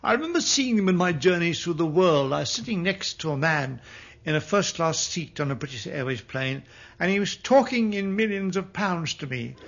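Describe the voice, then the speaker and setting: A man's voice: a little high, expressive, normal speed, a bit bright, highs cut off, slight background noise. A man telling a wry anecdote in a mocking tone. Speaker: interviewee. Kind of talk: storytelling anecdote.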